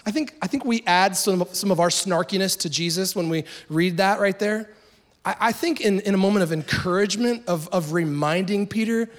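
A man preaching a sermon in a conversational, animated way, acting out little asides. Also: high-pitched, moderate pace. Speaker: pastor.

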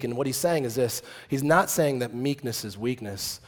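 A middle-aged male pastor preaching a casual, joking sermon that swings from quiet reflection to loud, emphatic bursts. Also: medium pitch, lively intonation, normal speed.

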